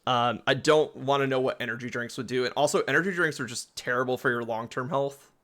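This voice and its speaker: A man's voice: mid-range voice, fairly quick, fairly bright tone. A man giving casual, rambling commentary while playing a game, often laughing.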